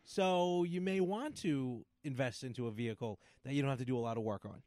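A man's voice: medium pitch, brisk, mellow, no echo, clean studio sound. A man co-hosting a podcast in casual chat, reacting with jokes, short replies and frequent laughter. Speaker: podcast co-host.

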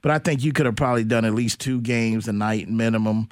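A man's voice: medium pitch, quick pace, dry recording. Blunt male sports radio host. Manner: blunt, opinionated, rambling. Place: radio studio.

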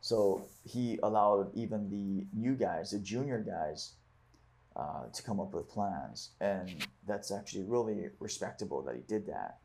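A man's voice: on the low side, lively intonation, a little slow, creaky, darkish tone, slight background noise. A man leading a book discussion, reading passages aloud and then reflecting on them with casual fillers. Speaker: discussion leader.

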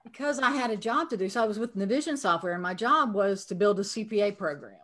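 A middle-aged woman with a Southern US drawl, speaking at an ordinary pitch for a woman. She tells her career story frankly and with self-deprecating humor, in relaxed podcast chat. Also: quick pace. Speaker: podcast guest.

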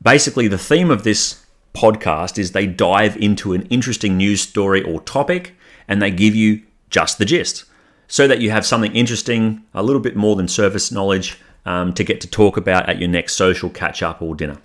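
A man hosting his own podcast, introducing clips in a relaxed, conversational way with frequent ums. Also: fairly low pitch, brisk. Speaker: podcast host. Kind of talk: casual podcast narration.

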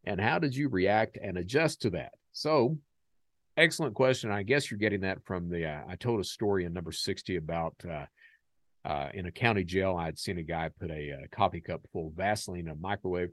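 An American man hosting a podcast, talking casually and candidly with many fillers, growing animated in his stories. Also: low voice, slightly rough, dry recording, clean studio sound. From United States. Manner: animated when telling stories. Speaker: podcast host.

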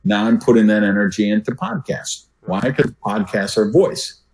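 An older man, a speaking coach and podcast guest, who swings his voice loud and soft to make his points. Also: on the low side, expressive, normal speed, poor audio.

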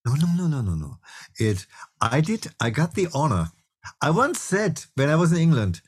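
A man's voice: on the high side, huge pitch swings, moderate pace, darkish tone, breathy edge. A man with a German accent, talking casually as a guest producer in an interview, laughing often and restarting his sentences.

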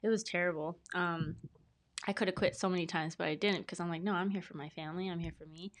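Rambly earnest woman guest on a podcast, bit low pitched, just chatting away. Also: steady tone, quick pace. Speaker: podcast guest, brand specialist. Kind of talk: casual interview storytelling.

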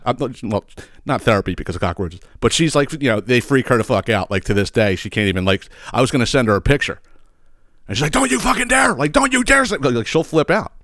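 In a clean studio recording with no room sound, a fairly high-pitched man from the Philadelphia area hosts a podcast. His casual comedic monologue is a rambling, profane story packed with fillers and sidebars.

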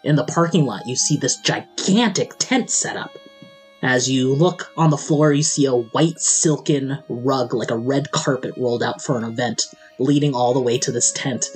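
A man's voice: medium pitch, normal speed, soft background music. A man from the American Midwest narrating as game master, often laughing through his descriptions.

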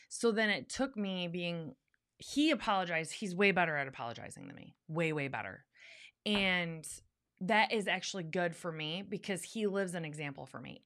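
Woman co-host, a bit low in pitch, earnest and candid in casual chat. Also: pushed and bright. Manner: earnest, candid, repeats words for emphasis. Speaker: podcast co-host.

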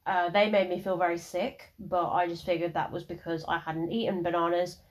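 A young woman tells her own story on her podcast, rambling and frank, with plenty of swearing. Her voice sits a little low for a woman, and she talks casually. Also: level tone, normal speed. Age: early 20s. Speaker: podcast host.

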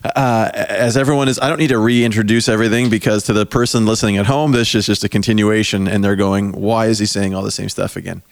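A man hosting a podcast with a joking, rambling manner, his voice going hoarse, talking into a microphone in a small basement. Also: on the low side, fairly even intonation, quick pace, hardly any pauses, no echo. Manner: joking, rambling, self-mocking. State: losing his voice. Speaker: podcast host. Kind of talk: casual podcast chat. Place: small basement corner at a camp. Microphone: studio microphone.

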